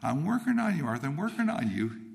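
A man's voice: on the high side, very animated, fast, gravelly, pitched above the performer's own voice. God, patient and insistent, as a man quotes him. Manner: repetitive, insistent.

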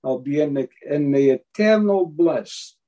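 A man's voice: fairly high pitch, lively intonation, measured pace, dark tone, muffled recording. A man preaching a sermon, emphatic and repeating his key phrases.

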